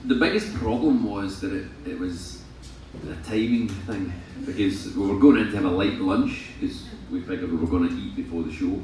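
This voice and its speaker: A man's voice: low-pitched, moderate pace, a little mellow. A man chatting casually and laughing, with a self-mocking manner. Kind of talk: casual chat. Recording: echoey room from far off, with background noise.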